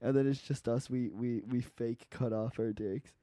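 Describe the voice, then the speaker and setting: Young male podcast co-host, dark dry voice, rambling crude banter. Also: mid-range voice, fairly even intonation, moderate pace, no room sound. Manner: rambling, laughing, many restarts. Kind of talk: crude casual chat.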